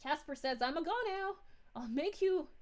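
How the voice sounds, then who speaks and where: A woman voicing a bubbly, giggly young princess while reading chat live in character, with drawn-out "ooh"s. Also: high voice, animated, a little mellow. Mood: cheerful. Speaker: VTuber streamer.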